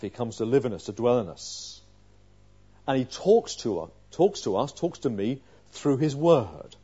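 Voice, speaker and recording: A man preaching a sermon, emphatic, asking rhetorical questions and swinging between quiet and loud passages. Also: medium pitch, muffled recording.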